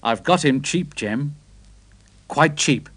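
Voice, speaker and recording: A man's voice: fairly high pitch, lively intonation, takes it slowly, fairly bright tone, exaggerated voice. A man doing a kindly country vicar. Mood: pleased. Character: genial middle-aged country vicar, kindly.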